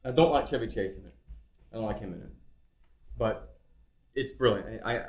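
A man's voice: lowish voice, moderate pace, darkish tone, reverberant. A man co-hosting a podcast in casual chat. He is contrarian, grumbles and swears. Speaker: podcast co-host.

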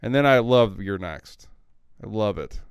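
Podcast co-host, male, forties, gravelly but smooth, dry close sound, playful banter. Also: lowish voice, lively intonation, measured pace, no room sound. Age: 40s. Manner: joking, playful, repeats gags. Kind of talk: casual chat.

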